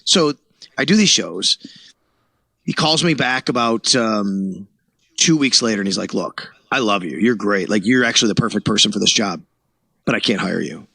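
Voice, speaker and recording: A man's voice: lowish voice, expressive, moderate pace, vocal fry, bright, forceful tone, slightly rough, no echo. A man from Buffalo, New York, a sports reporter who is a podcast guest, telling his story animatedly and acting out quoted dialogue. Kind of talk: casual storytelling interview.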